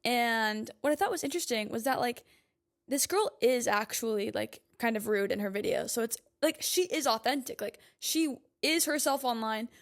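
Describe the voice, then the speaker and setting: A woman's voice: on the high side, expressive, moderate pace. A woman in her twenties talking casually to her audience as a podcast host, chatty and emphatic, with lots of "like" fillers. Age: 20s. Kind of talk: casual monologue.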